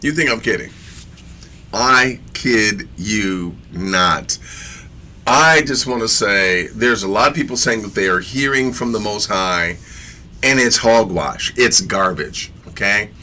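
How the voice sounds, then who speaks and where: A man with a bright, forceful voice gives a casual sermon, reading scripture aloud and stopping to comment. He talks in slangy asides and repeats phrases for emphasis. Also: fairly low pitch, slow pace, a little hiss or hum. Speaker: teacher of scripture.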